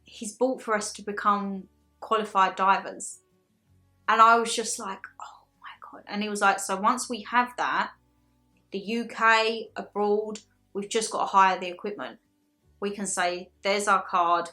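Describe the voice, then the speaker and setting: Chatty woman vlogger, about thirty, with a bright, forward tone. Excitable and talks to camera. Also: medium pitch. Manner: excitable, chatty storytelling with many "like"s. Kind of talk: casual chat to camera.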